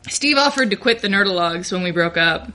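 A woman's voice: mid-range voice, expressive, fast talker, very noisy. A young adult woman telling a candid, self-deprecating personal story, often laughing through her lines.

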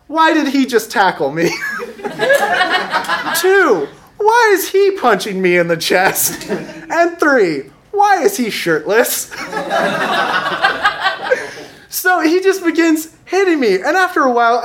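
A man's voice: very high voice, big pitch swings, a little slow, fairly bright tone, slight background noise. A young man telling a funny personal story on stage, wry and self-mocking, laughing along as he talks. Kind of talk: stand-up storytelling.

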